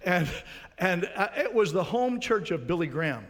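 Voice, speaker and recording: A man's voice: sits high, big pitch swings, normal speed, fairly bright tone, big-room sound. A man preaching a sermon as pastor, earnest, putting rhetorical questions to his congregation.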